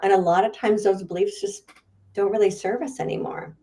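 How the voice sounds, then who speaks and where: Woman, podcast guest, mellow dark voice, chatty and animated. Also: medium pitch, a little fast. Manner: chatty, animated, laughs often. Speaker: guest author and speaker. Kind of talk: podcast interview answer.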